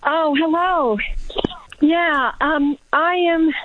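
A woman's voice: high-pitched, steady tone, dry recording. Breathless woman caller on a tinny phone line. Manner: hesitant, many fillers and pauses. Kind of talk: call-in radio talk.

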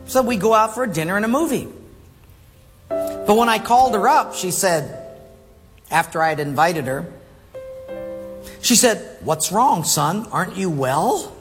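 A man preaching a sermon, telling stories with animated acted-out voices and dropping low and soft for emphasis. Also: measured pace, pauses often, over music. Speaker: pastor. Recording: hall reverb, faint room noise.

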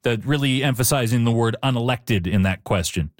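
Fast-talking radio host, man. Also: medium pitch, no room sound, clean studio sound. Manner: quick, interjecting. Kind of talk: call-in radio hosting.

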